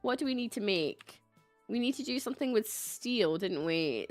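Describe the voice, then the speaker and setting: Slow-talking Scottish woman streaming a game. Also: medium pitch, dry recording. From Scotland. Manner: chatty, self-mocking, laughs often. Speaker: livestreamer. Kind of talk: casual game commentary.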